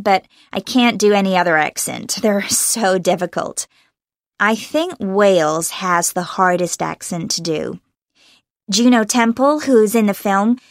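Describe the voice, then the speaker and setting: A woman's voice: mid-range voice, dry recording, clean studio sound. Bubbly young American woman, giggly. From Los Angeles, USA. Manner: bubbly, laughs often. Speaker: actress being interviewed. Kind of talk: casual interview answers.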